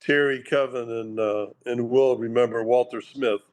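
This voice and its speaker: An older man, a former college basketball player, reminiscing on a call in a relaxed way with fillers. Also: medium pitch, moderate pace. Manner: relaxed, uses fillers, thinks aloud. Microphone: remote call.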